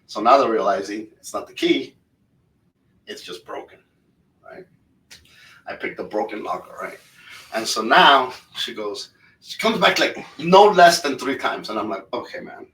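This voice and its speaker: A man co-hosting a podcast and telling an animated, profanity-laced story. His voice has a bright edge. It is recorded a little off-mic in an echoey room. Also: mid-range voice, measured pace, pauses often, recorded from a distance, slight background noise. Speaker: podcast co-host. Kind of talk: casual storytelling chat.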